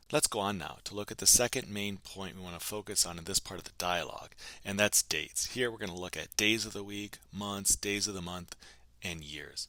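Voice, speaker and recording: Male language teacher, lower voice, bright tone, dry close sound, patient question-and-answer drilling. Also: no room sound. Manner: patient drilling, prompts then answers in Chinese. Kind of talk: recorded lesson narration.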